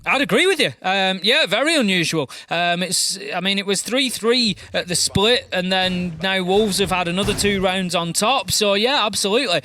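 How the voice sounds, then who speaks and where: A man casting an esports match, calling the plays and bantering with his co-caster. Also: high-pitched. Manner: fast excited calls, playful banter. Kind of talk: play-by-play commentary.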